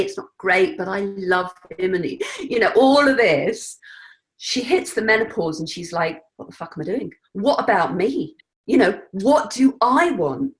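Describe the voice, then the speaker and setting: A woman speaking as an interview guest, earnest and reflective, at times animated and laughing. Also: mid-range voice. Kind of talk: conversational interview.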